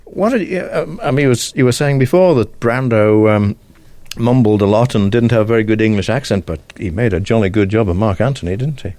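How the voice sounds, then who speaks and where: A man's voice: on the low side, brisk, a little mellow, no echo. A man presenting a radio show, chatting casually with a guest, hesitant and full of fillers. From Isle of Man.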